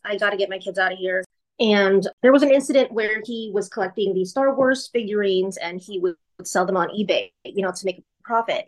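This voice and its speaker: A woman guest candidly recounting her personal story in an interview. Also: medium pitch. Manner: candid, earnest, recounting vividly.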